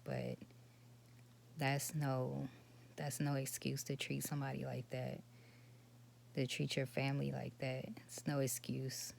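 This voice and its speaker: A woman recounts a personal story to the camera in a soft, subdued voice that often drops to a breathy near-whisper. Her tone has a gravelly, fried edge and stays fairly flat in pitch. A faint, steady hum sits under her voice. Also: measured pace, long pauses. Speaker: vlogger.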